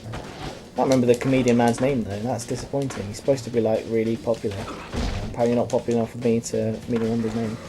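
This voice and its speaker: A man's voice: medium pitch, fairly even intonation, quick pace, music in the background. A young man giving rambling, profane, self-mocking commentary while playing a video game. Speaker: let's play commentator.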